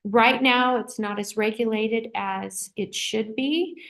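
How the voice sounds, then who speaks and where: Middle-aged woman, livestream host, rambling affectionate chat, slightly high voice. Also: fairly even intonation, slow pace. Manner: warm, rambling, affectionate asides to viewers. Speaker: psychic medium livestream host. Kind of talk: casual livestream chat reading viewer comments.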